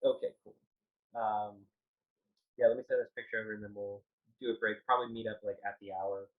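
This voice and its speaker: A man's voice: on the low side, fairly even intonation, brisk. A man narrating as game master for a tabletop game, hesitant with many ums and uhs. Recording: tinny call audio.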